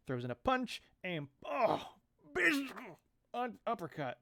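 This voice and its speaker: A man's voice: sits high, huge pitch swings, takes it slowly, gravelly, pushed and bright, dry recording, clean studio sound. Wry young man reading comics aloud. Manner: wry, joking asides, tries voices for characters. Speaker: comic reader and commentator. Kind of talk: casual comic read-along with commentary.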